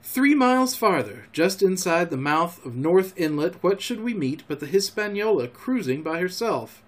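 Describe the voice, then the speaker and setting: Man reading an adventure story aloud. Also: high voice. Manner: measured, expressive narration. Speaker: podcast storyteller.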